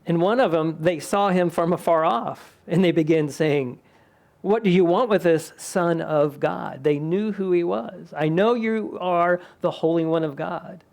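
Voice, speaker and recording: A man's voice: a little high, a little slow, gravelly, darkish tone. A man, a pastor, preaching a conversational sermon in a church, lifting his voice when he quotes the people in the scripture. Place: church sanctuary.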